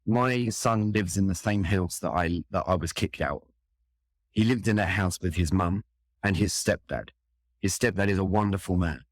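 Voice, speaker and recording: A man's voice: low voice, moderate pace, no room sound, studio quality. A middle-aged man with a London accent, telling a personal story in an earnest, reflective way. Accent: London English. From England. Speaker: interview guest, firefighter.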